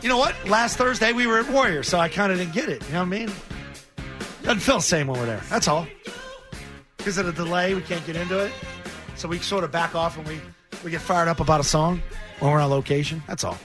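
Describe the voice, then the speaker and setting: A man's voice: high-pitched, a little fast, over music. A man co-hosting a sports talk radio show, talking in a loose, rambling, jokey way. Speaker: radio co-host. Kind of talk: casual sports radio banter.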